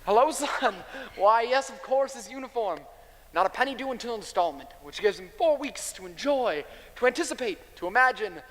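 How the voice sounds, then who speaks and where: A man's voice: extremely high pitch, lively intonation, moderate pace, fairly bright tone, full character voice. A man playing a glib traveling salesman. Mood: persuasive. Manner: glib, smooth-talking, persuasive. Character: smooth-talking slick male traveling salesman. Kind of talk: stage musical acting. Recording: stage with long hall reverb, faint noise.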